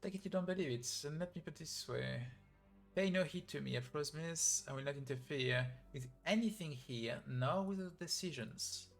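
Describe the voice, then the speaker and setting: A man voicing a calm, mysterious young woman traveler in a video game story, speaking in a soft, measured way. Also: fairly high pitch, creaky, faint music behind. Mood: evasive.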